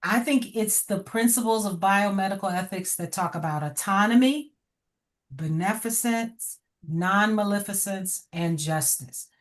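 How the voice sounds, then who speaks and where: A middle-aged woman educator giving feedback over a video call. She talks directly and encouragingly, often breaking into a laugh. Her voice sits at an ordinary pitch for a woman. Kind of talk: online class feedback.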